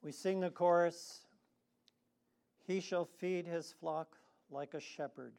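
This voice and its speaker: Man preaching real slow, voice a bit high for a guy, lots of pauses, gets the crowd saying lines back. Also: darkish tone. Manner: leads the congregation in responsive reading. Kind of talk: sermon.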